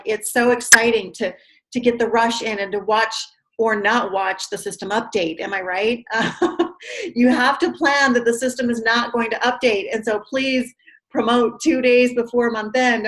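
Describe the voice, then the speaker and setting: A woman leading a team training call, asking questions and offering encouragement with quick asides. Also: fairly high pitch, a bit bright, rough recording. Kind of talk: interviewing, coaching.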